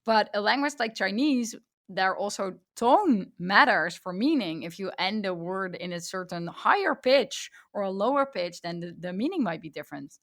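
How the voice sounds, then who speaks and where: Woman with a creaky voice. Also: mid-range voice, expressive, normal speed, a bit bright. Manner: curious, asks layered questions with self-corrections. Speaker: podcast host, interviewer. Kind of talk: casual interview talk.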